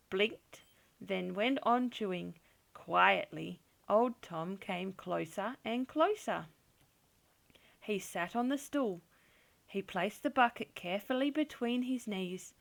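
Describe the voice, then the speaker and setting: Woman reading a kids picture book out loud, real slow, gentle, bit of fry in the voice. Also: mid-range voice. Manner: slow, gentle, expressive storytelling. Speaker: storybook reader. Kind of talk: children's storybook read-aloud.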